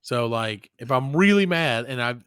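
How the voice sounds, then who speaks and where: A man co-hosting a podcast in casual, animated chat, swearing freely and joking around. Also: mid-range voice, moderate pace, clear, resonant tone, dry recording, studio quality. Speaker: podcast co-host.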